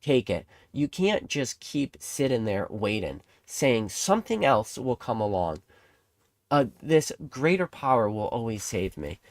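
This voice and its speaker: A man's voice: mid-range voice, sing-song, a little slow, dry recording, clean studio sound. A young man hosting a trading card channel, talking in a rambling, emphatic way, swearing freely and acting out voices in his stories. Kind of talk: casual monologue.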